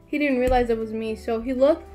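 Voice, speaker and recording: A high-voiced teenage girl tells a story on a casual podcast, chatty and animated with lots of "like". Soft music plays faintly behind her. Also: a little fast. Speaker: podcast co-host.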